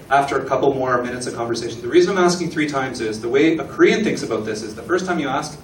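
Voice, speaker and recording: A man gives a relaxed talk to a live audience, pausing to ask questions and act out small exchanges. His voice sits at an average pitch and is picked up from across a reverberant room, with faint ambience underneath. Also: a little hiss or hum. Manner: chatty, asks the audience questions, acts out little dialogues. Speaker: guest speaker at an embassy talk. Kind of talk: lecture presentation to an audience. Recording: echoey room recording from a distance.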